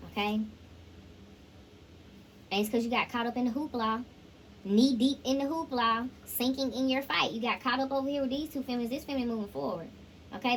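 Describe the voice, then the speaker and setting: A tarot reader with a slightly high voice gives a casual reading, chatting straight to viewers and breaking into snippets of song. The audio is poor, with slight background noise.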